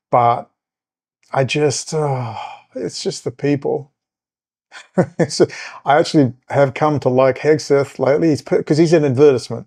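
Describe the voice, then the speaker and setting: A middle-aged man from Australia talks as a podcast host in a loose political monologue. He rambles, with lots of fillers and side stories. His voice is warm, mellow and mid-pitched. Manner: rambling, conversational, many fillers and asides.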